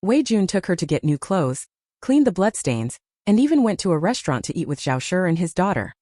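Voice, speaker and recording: A woman narrating a scripted story with an expressive reading. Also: fairly low pitch, fairly quick, no room sound, studio quality.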